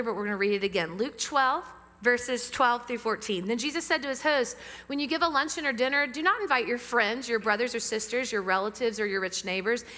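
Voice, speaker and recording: A woman pastor preaching a sermon to a church congregation, lively and engaging them with questions. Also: on the high side. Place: church sanctuary with amplified sound. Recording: long reverb of a church hall.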